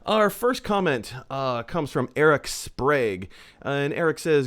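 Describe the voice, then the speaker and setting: A man's voice: on the high side, sing-song, a little slow, a bit bright. A man hosting a casual film-chat show, talking in an upbeat, chatty way with plenty of fillers. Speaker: host.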